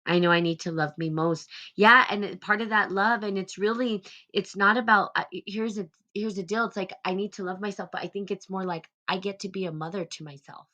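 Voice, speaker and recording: A woman hosting a casual spiritual live stream, talking gently and reflectively in a rambling way full of fillers. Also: medium pitch, steady tone, brisk, few pauses.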